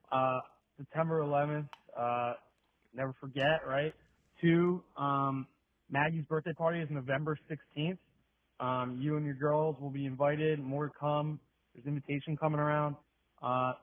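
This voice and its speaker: A man's voice: on the high side, slight background noise. A man leaving a rambling, profane voicemail full of fillers. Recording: tinny phone voicemail.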